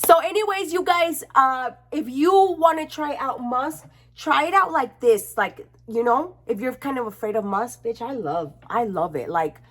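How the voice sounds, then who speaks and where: Young woman, chatty beauty vlogger, cussing casually, slightly high voice, camera mic at home. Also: a little slow. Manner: chatty and expressive, swearing freely.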